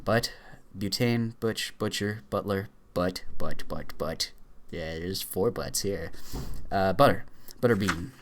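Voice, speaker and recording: A man with a fairly low voice races through a dictionary, reading words aloud one after another. He trips over entries, backs up and fills gaps with quick "uh"s as he pushes on. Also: slight background noise. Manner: rattles off words in quick lists, stumbles and fillers. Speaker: YouTuber. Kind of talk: rapid dictionary read-aloud challenge.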